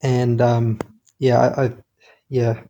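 A man in his twenties calling an advice show, hesitant and halting, full of fillers. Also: medium pitch, level tone, warm tone, a little hiss or hum. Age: 20s. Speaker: caller.

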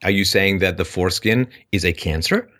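A male call-in show host debating a caller, lecturing forcefully, cutting in and jumping up in pitch to stress his points. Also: fairly quick.

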